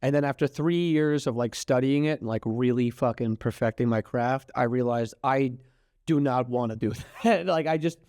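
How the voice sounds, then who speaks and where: A man's voice: medium pitch, moderate pace, darkish tone, dry recording, studio quality. A young man in his twenties with a New York accent, chatting as a guest on a podcast in a loose, rambling way, swearing freely and laughing often. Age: 20s. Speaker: guest comedian. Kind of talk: casual podcast chat.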